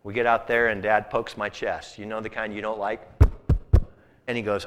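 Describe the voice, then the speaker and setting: A man's voice: fairly low pitch, level tone, moderate pace, fairly bright tone, clean tone. A man pastor telling a story in a sermon, in a folksy, conversational way.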